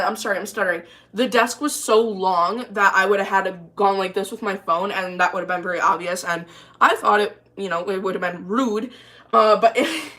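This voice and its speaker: A woman's voice: mid-range voice, a bit bright. A young woman telling a story in a casual, rambling way, full of "like" and restarts, while cooking in her kitchen. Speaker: vlogger.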